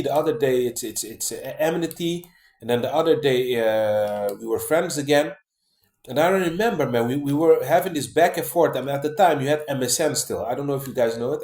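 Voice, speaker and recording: A man's voice: mid-range voice, darkish tone. Rambling man, echoey room. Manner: rambling, many fillers and restarts, keeps saying man and guys. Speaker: vlogger. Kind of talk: casual monologue to camera.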